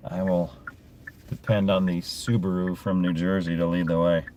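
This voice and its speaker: A man's voice: low-pitched, level tone, normal speed, warm tone. A man livestreaming while driving through a town, chatting to his viewers and talking to himself in a self-amused way. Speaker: livestreaming vlogger. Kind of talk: casual live-stream chatter while driving. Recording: noisy car interior. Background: road and engine noise.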